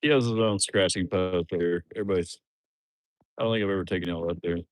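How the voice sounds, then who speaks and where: A man's voice: sits low, fast talker, no room sound, clean studio sound. Rambling folksy man on livestream. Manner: rambling, folksy, with bursts of loud excitement. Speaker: livestream host. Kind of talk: casual rambling livestream chat.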